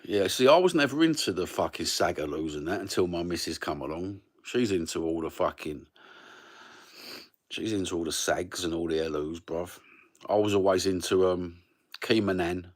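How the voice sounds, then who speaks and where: Very deep-voiced sweary East London man. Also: normal speed. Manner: sweary, matey, slangy banter. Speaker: livestream host. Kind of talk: rambling livestream chat.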